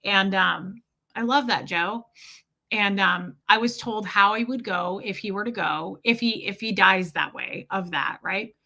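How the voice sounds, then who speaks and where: A woman's voice: medium pitch, measured pace, creaky, bright, forceful tone. A woman hosting a podcast, telling a personal story in a rambling, candid, emotional way and swearing freely. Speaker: podcast host.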